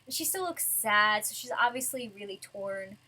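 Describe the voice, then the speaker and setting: A woman's voice: mid-range voice, animated, normal speed, bright, forceful tone, rough recording. A woman reviewing a manga chapter in a casual, rambling way, giggling and full of fillers.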